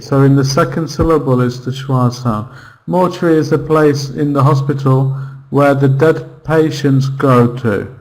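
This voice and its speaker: Man, online english lesson, very slow unhurried delivery, patient, repeats pronunciations. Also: medium pitch, poor audio. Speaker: English teacher.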